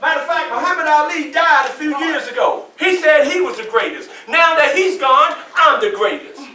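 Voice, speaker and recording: A man's voice: extremely high pitch, lively intonation, normal speed, pushed and bright. A man in his sixties with a Southern US accent, a motivational speaker addressing students in a preacherly call-and-response way with folksy asides. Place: school hall. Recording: echoey room from far off.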